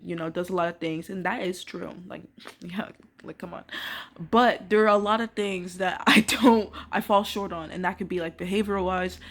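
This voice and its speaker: A young woman ranting casually to camera, filling her talk with "like" and swearing, swinging from quiet musing to loud disbelief. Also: on the low side. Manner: emphatic, swears, many filler "like"s. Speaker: vlogger.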